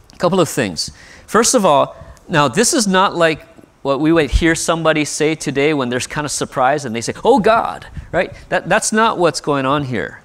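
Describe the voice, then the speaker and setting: A man's voice: a little high, fairly bright tone. A male pastor preaching a sermon in an earnest way, often asking "right?". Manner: earnest, with frequent rhetorical "right?".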